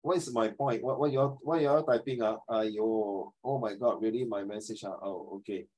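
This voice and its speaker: A man's voice: lowish voice, moderate pace, mellow, poor audio. A middle-aged male teacher, chatting animatedly with his class over a video call and slipping into Mandarin phrases. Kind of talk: online class discussion.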